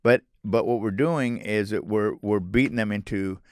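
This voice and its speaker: Middle-aged guy guesting on a podcast, deep-ish voice, gets emphatic telling stories. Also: moderate pace, dry recording, clean studio sound. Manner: animated storyteller, emphatic. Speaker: guest author. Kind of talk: conversational podcast interview.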